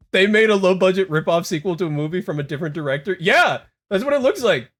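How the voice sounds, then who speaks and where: A man livestreaming in casual chat, rambling and excitable, talking straight to his viewers and reading bits aloud. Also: high voice, fairly quick. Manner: rambling and excitable, heavy on "like" and "dude"; talks to chat, reads text aloud. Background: faint music.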